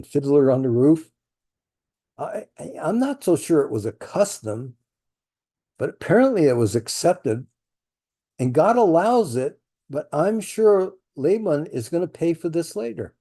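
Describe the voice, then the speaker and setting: Male Bible teacher, very deep mellow tone, mid pitch, muses aloud with folksy asides. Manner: musing, thinks aloud with rhetorical questions.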